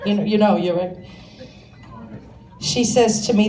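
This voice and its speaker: A woman's voice: mid-range voice, slow, long pauses. A woman from Massachusetts doing a stand-up comedy set, brash and self-mocking, rambling with lots of "you know" asides. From Scituate, Massachusetts, USA. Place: comedy venue stage with a live audience. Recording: echoey room, distant mic, loud crowd laughter.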